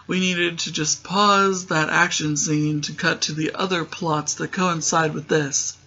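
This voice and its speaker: A man's voice: on the high side, steady tone, measured pace, sharp tone. A man casually recapping a TV episode with sarcastic, rambling asides, in a dull lo-fi recording. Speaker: show recap host.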